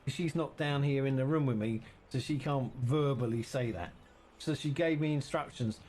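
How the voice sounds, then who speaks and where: A man's voice: mid-range voice, moderate pace, darkish tone, a little hiss or hum. Chatty man streaming a game. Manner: chatty, teasing, rambling. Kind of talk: casual chat while streaming a game.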